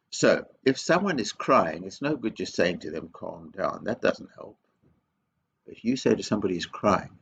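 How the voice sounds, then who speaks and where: A man's voice: on the low side, vocal fry. A man, a headteacher giving an assembly talk to young children, emphatic and teacherly, repeating key words and asking lots of questions. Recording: dull lo-fi video recording with faint background noise.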